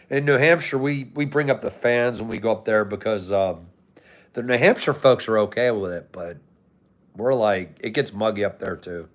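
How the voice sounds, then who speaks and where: A man's voice: medium pitch, a bit bright. An American man hosting a livestream, chatting casually with viewers in a laid-back way and swearing now and then. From United States. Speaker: livestream host. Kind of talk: casual live chat answering viewers.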